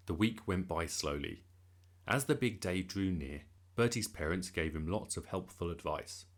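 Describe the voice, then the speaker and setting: A man reading a children's storybook aloud, lively and expressive. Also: low-pitched, normal speed. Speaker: narrator.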